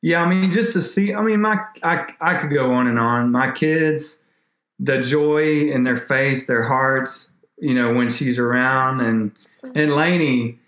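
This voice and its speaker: Animated man in an echoey room. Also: medium pitch, a little slow. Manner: animated, rambling, restarts often. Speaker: podcast guest. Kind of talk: emotional faith story in conversation.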